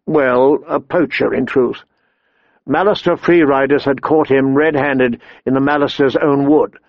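A man reading an audiobook in a measured storytelling manner. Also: mid-range voice, no room sound, dull audio. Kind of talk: audiobook narration.

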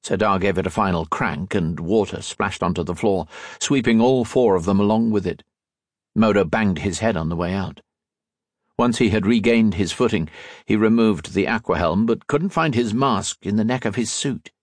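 A man narrates an audiobook from a script, telling the story in a steady, measured way. His voice is on the low side, and the recording is dry and studio quality.

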